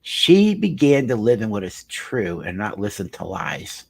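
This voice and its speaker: Man, middle-aged, marriage counselor, husky voice, very lively pitch, earnest emphatic storytelling. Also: measured pace. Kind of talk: storytelling talk.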